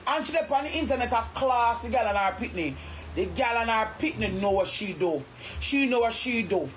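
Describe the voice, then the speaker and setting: A woman's voice: a little high, expressive, brisk, a little hiss or hum. A woman with a Jamaican accent ranting angrily on a live stream, repeating herself and cursing often. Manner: angry, repetitive, cursing. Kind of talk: heated live-stream rant.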